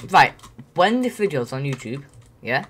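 A woman's voice: deep voice, moderate pace, noisy background. A woman chatting and teasing a friend while playing a computer game. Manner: teasing, excitable, laughs often. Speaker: gaming video creator. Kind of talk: casual gaming banter. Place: indoors at a computer.

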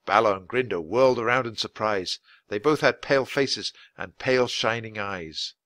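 A man reading a children's book aloud at a clear, natural pace for language learners. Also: on the low side, fairly bright tone, dry recording. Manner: clear, deliberate storytelling for learners. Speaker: audiobook reader.

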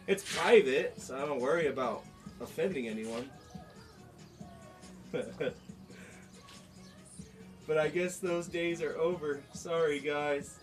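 A man from the United States chatting casually with viewers on a livestream while he works on craft pieces outdoors, joking and laughing often. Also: on the high side. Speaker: livestreamer making stone-look art.

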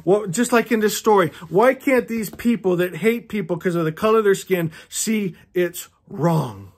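High-voiced earnest man in his fifties. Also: animated, normal speed. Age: 50s. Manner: impassioned, preachy, chuckles often. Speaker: YouTuber reading a novel aloud with commentary. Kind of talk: earnest read-along commentary.

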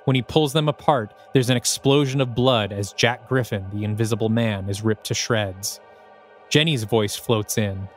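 A man's voice: lowish voice, moderate pace, faint music behind. A man, the host of a podcast, reading his own screenplay aloud with dramatic, descriptive present-tense narration.

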